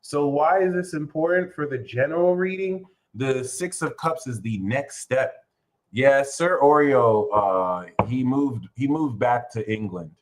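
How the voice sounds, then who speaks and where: A man's voice: medium pitch, a little slow. A man giving a casual tarot reading, talking in a playful, rambling way and swearing freely. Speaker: tarot reader.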